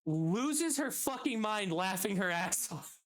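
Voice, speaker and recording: A streamer with a medium-pitched voice and lively intonation speaks slowly as he casually tells a work story. He swears, laughs at his own tale, and acts out the customers and bosses he quotes.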